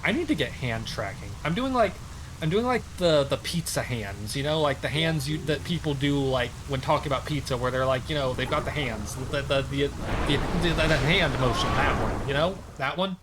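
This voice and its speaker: A man's voice: mid-range voice, lively intonation, normal speed, background noise. A man streaming a video game, chatting casually and rambling with lots of filler words. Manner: rambling, heavy use of "like" fillers. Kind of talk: casual gameplay commentary.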